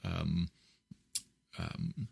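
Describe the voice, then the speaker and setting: A man with a very low, deep voice, talking through ideas in a patient, lecturing way. He leans on fillers and keeps checking in with his listener. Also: very slow, vocal fry, a little mellow, slightly rough. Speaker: guest musician. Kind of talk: explanatory interview talk.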